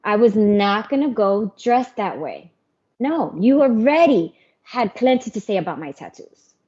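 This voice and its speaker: A middle-aged woman telling her personal story as an interview guest, candid and animated. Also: mid-range voice, a little slow. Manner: candid, animated, mimics others. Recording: muffled lo-fi audio.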